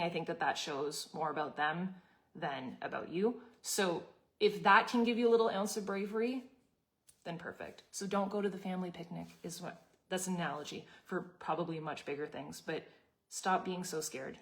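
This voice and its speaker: A woman in her thirties hosting a live community session, giving a casual motivational talk with candid chat and many restarts. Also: fairly low pitch.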